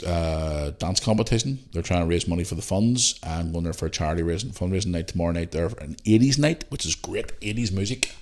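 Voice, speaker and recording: Northern irish guy ranting on his podcast, lowish voice, swears a lot. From Northern Ireland. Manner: blunt, profane and ranting. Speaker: podcast host. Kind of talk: solo podcast rant.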